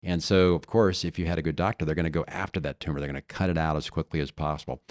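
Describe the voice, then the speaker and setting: A man's voice: rumbling low, fairly even intonation, racing, no echo. A man coaching on leadership in a podcast conversation, earnest and explaining through stories and analogies.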